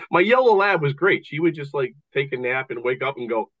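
Fast, animated male comedian. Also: mid-range voice, dull audio. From Philadelphia area. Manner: joking, quick comic bits with put-on voices. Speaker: guest comedian. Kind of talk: casual chat.

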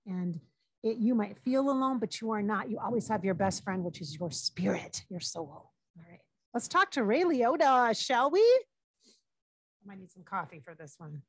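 A woman psychic medium talking in a soft, confiding way in a chatty spiritual vlog. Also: mid-range voice, moderate pace, slightly rough, dry recording. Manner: soft and confiding, breaking into laughs.

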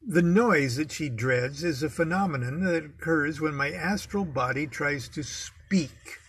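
Gravelly man reading his memoir wryly. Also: a little high, fairly bright tone, dry recording. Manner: wry, self-mocking storytelling. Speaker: author reading his own book.

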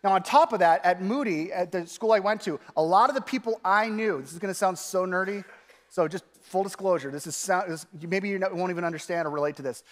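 A man preaching as a pastor, talking in a casual, animated way with lots of "like" fillers. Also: high voice, a little fast, long reverb tail. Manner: conversational, animated, frequent "like" fillers. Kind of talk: sermon.

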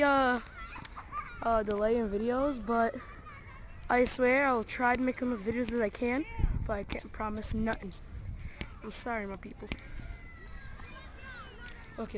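A woman filming herself on a handheld camera outdoors during a ball game, chatting excitably with lots of apologies and restarts. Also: high-pitched, a little hiss or hum. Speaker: channel host filming a game. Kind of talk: casual handheld vlog commentary. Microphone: handheld camera held while playing.

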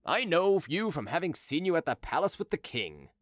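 Man doing a bossy suspicious provost, kinda high, lively delivery. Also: moderate pace, no echo, studio quality. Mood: officious. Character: officious male provost, suspicious.

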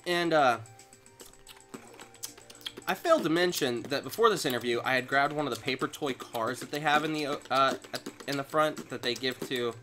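A man's voice: mid-range voice, moderate pace, sharp tone, faint music behind. A young man co-hosting a casual gaming chat, telling a story with teasing asides and laughter. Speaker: co-host.

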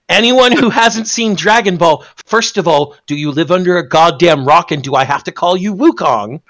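A man in casual discussion, animated and profane, often restarting his sentences. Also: high voice, moderate pace, few pauses. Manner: animated, swears freely, stumbles and restarts.

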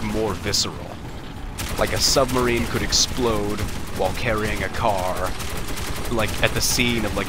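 A man giving casual, rambling gameplay commentary, sarcastic and swearing often. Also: fairly low pitch. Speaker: let's play host. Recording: game gunfire and vehicle noise behind.

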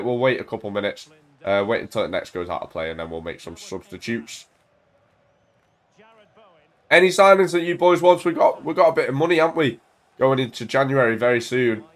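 A young man casually commentating on his own football video game at home into a desk mic, full of banter and bursting into shouts when his team scores. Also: medium pitch. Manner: excitable, banter-filled, shouts at goals. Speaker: gaming YouTuber.

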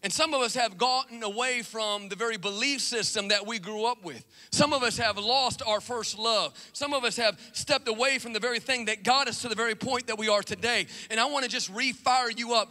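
A man preaching an animated church sermon, with shouted refrains and casual, chatty asides. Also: very high voice, long reverb tail. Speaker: pastor. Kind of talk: energetic sermon.

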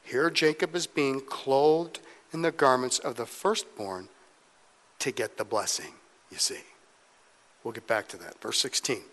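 A man's voice: medium pitch, a little slow, pauses often, fairly bright tone, in a large hall. A male pastor teaching verse by verse, moving between scripture readings and conversational, joking asides. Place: church sanctuary.

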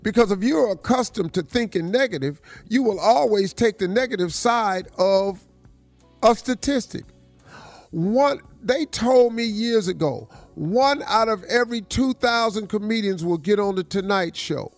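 A man with a high, expressive voice speaks at a measured pace, with soft music behind him and no room sound. He's a radio morning show host in a studio, chatting casually and telling stories in a laid-back, slangy style, often dropping "dog" and "man" while mixing in motivational talk.

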